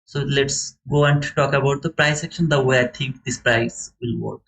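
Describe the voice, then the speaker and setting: A man streaming live to viewers, thinking aloud in halting, repetitive phrases as he explains a trade. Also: mid-range voice, steady tone, gravelly, fairly bright tone, low-quality recording. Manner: talks to chat viewers by name. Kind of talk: live market commentary to viewers.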